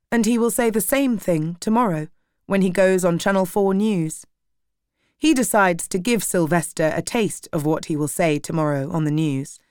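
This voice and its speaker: A woman narrating an audiobook in a steady, measured way. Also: fairly low pitch, clean tone, no echo, studio quality.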